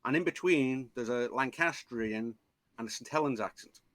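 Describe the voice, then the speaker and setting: A man with a Liverpool accent talks casually as a podcast guest, his voice sitting in an ordinary middle pitch. The sound is dry and close, with no room echo. He restarts often and leans on examples to make his point. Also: moderate pace, a bit bright. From England. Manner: chatty, explains with examples, many restarts. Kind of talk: casual chat.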